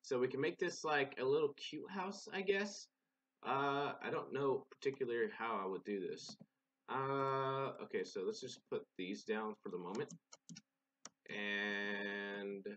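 A man's voice: lowish voice, bright, forceful tone, highs cut off, a little hiss or hum. A young man giving casual, rambling, profane commentary while playing a game, often restarting his sentences. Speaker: gaming channel host.

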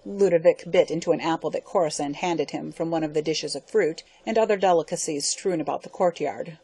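A woman narrating a science fiction audiobook in a steady, measured reading. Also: sits low, slightly rough. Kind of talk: scripted narration.

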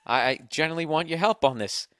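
A man hosting a low-budget podcast, reading listener letters aloud with rambling, profane, wry asides. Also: fast, fairly bright tone, no room sound. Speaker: podcast host. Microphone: single podcast microphone. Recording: dry close-miked sound.

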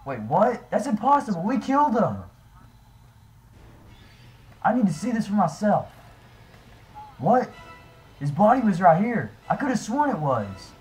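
Young man, fan game drama, excitable, shouts then mumbles nervously, slightly high voice, faint game music. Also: measured pace, long pauses, low-quality recording. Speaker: YouTuber voicing his own game character. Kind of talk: improvised fan machinima dialogue.

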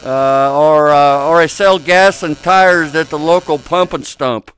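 A man's voice: on the high side, a little slow, a bit bright, a little hiss or hum. A man giving casual joking commentary while chatting in a social VR game room, teasing strangers with crude banter through a headset mic. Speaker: VR chat YouTuber.

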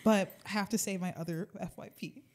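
A woman's voice: mid-range voice, steady tone, fairly quick. A woman co-hosting a casual podcast, giggly and gushing with lots of fillers. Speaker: podcast co-host. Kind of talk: casual chat.

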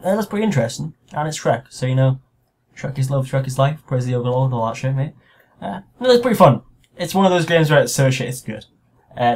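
A man's voice: mid-range voice, a little mellow. A man hosting a let's play, joking crudely and swearing as he plays. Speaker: gaming video host.

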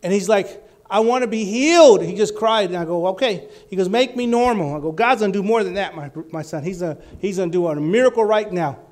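A male preacher giving a sermon, telling healing stories and rising to loud, fervent exclamations. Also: sits high, a little fast.

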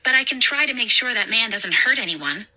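A woman's voice: a little high, animated, fairly quick, pushed and bright, voice pushed up, exaggerated voice. A woman reading a story aloud and voicing a frightened but brave young mall worker in a raised, urgent voice. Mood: determined. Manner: urgent, breathless, alarmed.

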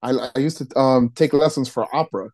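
Halting, dry-mic'd man giving DJ advice. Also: mid-range voice, darkish tone, dry recording. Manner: halting, with many restarts and repeated words. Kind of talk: casual podcast chat.

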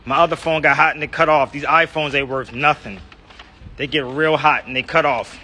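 A man's voice: on the high side, steady tone, normal speed, pushed and bright. A man with an American accent talking in a loose, slangy, chatty way while vlogging on a city street into a phone. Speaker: travel vlogger. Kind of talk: casual street vlog. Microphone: phone camera.

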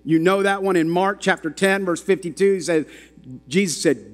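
Picked up by a handheld or stand microphone, a man delivers a sermon in a church sanctuary, where long hall reverb fills the recording and soft music plays in the background. He tells a story and puts emphatic questions to his congregation. His voice sits high, and his pace is moderate.

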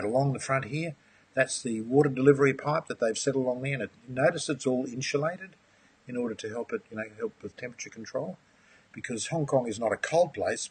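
A man's voice: medium pitch, slightly rough. A man presenting a live aquaponics webinar, friendly and enthusiastic, answering viewers' questions and calling them mate. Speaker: aquaponics course instructor.

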